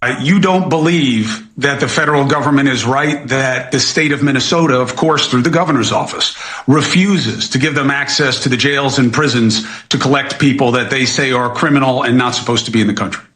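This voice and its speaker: A man's voice: medium pitch, fairly quick, a bit bright. A man interviewing an official, with pointed questions. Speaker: news interviewer. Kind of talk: broadcast interview. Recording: roomy echo.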